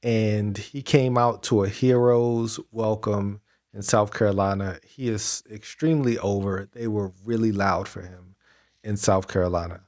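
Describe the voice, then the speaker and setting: A man with a fairly low voice co-hosts a casual podcast, talking loosely and circling back with restarts and "um"s. His delivery is relaxed, everyday chat between friends. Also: measured pace. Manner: rambling, many restarts and fillers. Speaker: podcast co-host.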